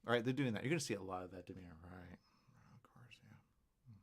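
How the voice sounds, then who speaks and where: This male talk show host speaks quickly in a low, breathy-edged voice. Live on air, he wanders through an animated monologue, voicing both sides of imagined exchanges and frequently asking "right?"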